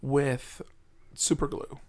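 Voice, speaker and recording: A man's voice: medium pitch, level tone, slow pace, a little mellow. A man, a drag performer, chatting casually and playfully on a podcast, wandering off topic.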